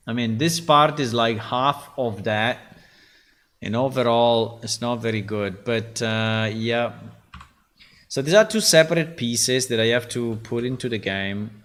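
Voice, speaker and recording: A man's voice: mid-range voice, lively intonation, slow pace, fairly bright tone. A man developing a game, talking casually while he works, thinking aloud with many fillers. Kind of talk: casual dev stream commentary.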